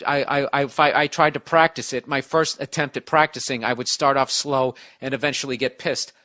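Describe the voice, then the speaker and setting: A man's voice: medium pitch, sharp tone. A man hosting a podcast, giving blunt, profane advice in a rambling, casual rant.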